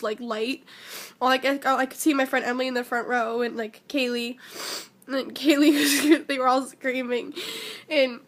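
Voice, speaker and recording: A high-voiced teenage girl recounts a personal story in a breathless, gushing rush. Her speech is shaky and tearful, and she leans on "like" constantly. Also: fairly bright tone. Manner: breathless, gushing, heavy use of "like". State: shaky and emotional, near tears. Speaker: vlogger.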